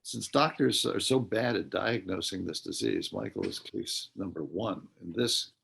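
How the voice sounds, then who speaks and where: Older man, gravelly husky voice. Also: sits low, lively intonation, fairly bright tone. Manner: hesitant, many filler pauses while recounting. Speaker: guest, dementia advocate. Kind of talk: radio interview talk.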